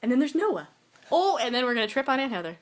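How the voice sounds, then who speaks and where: A woman's voice: sits high, very animated, fast talker. A woman filming a baby at home, cooing and teasing in playful baby talk. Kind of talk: playful home-video chatter. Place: at home, indoors.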